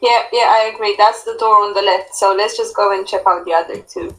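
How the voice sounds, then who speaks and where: A woman playing a tabletop game, chatty and quick to joke and laugh. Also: mid-range voice, fairly even intonation, fairly bright tone, low-quality recording. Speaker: player. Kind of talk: casual tabletop game chat.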